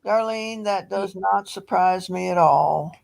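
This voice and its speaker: A woman's voice: mid-range voice, slow, vocal fry, darkish tone. A woman on an online panel chat, making dry, teasing remarks over a video call. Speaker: panel member. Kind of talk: casual chat.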